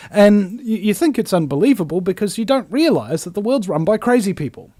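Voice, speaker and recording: A man's voice: sits high, big pitch swings, fairly quick, hardly any pauses, dark tone, no room sound, clean studio sound. Fiery New man ranting. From New Zealand. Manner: emphatic and scornful, acts out other people's voices. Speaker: host. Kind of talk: ranting monologue.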